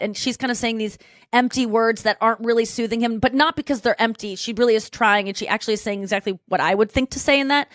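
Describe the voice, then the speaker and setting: This podcast host is a woman with a voice on the high side who talks fast, retelling a story in a rambling, casual chat full of restarts. The recording is dry and studio-clean.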